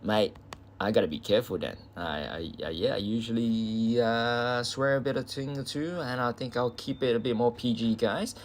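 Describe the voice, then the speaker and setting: A man's voice: medium pitch, normal speed, a little hiss or hum. A young Australian man chatting casually with viewers on a game live stream, loose and chatty with the odd swear word.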